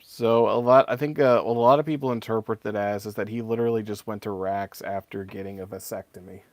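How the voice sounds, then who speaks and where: A man's voice: fairly low pitch, steady tone, fast talker, darkish tone, no room sound. A man in his thirties chatting casually and rambling while he paints on a live stream. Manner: rambling and conversational, many fillers. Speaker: streamer and voice actor.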